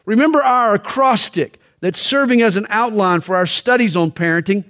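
Preaching on parenting, this middle-aged pastor speaks in a high, slightly bright voice. His stories unfold with dramatic pauses and heavy, deliberate stress.

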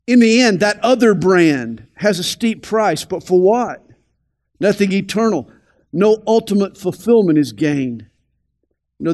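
A man preaching a radio sermon, deliberate and emphatic, slowing down to stress key phrases. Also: sits high, darkish tone. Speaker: pastor.

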